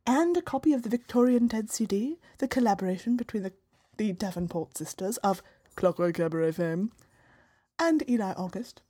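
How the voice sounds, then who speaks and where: A woman's voice: on the high side, husky. Woman putting on a sultry posh British lady. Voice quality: quiet and sultry. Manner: genteel, overly polite appeal. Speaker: podcast host.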